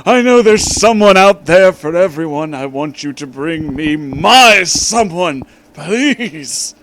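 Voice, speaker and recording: A man voicing a lonely hunchbacked old gravekeeper who pleads tearfully and slowly. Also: a little high, expressive, a bit bright, pitched above the performer's own voice, exaggerated voice. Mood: pleading.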